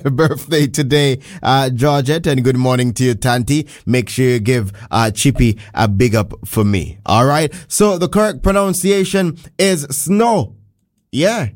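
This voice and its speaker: A man's voice: mid-range voice, dry recording, clean studio sound. Chatty man on the radio. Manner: chatty, laughs often, stumbles over words. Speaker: radio host. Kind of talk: casual morning radio chat. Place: radio studio.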